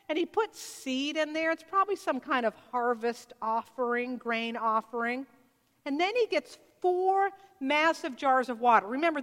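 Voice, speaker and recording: A woman with a high voice delivers a sermon, telling the story with animated energy and slipping into character voices. Her words carry the long reverb of a large sanctuary. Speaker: preacher.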